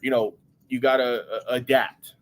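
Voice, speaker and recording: A man's voice: mid-range voice, flat delivery, moderate pace. A man, a retired pro wrestler, talking casually as a guest and reflecting with lots of fillers. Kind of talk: casual interview chat.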